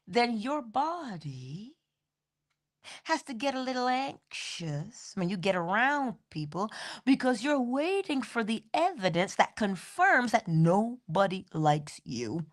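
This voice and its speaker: A middle-aged woman giving an inspirational spiritual talk, repeating phrases rhythmically and laughing often. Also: a little slow. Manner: animated, swoops high in pitch, laughs often. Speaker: inspirational speaker.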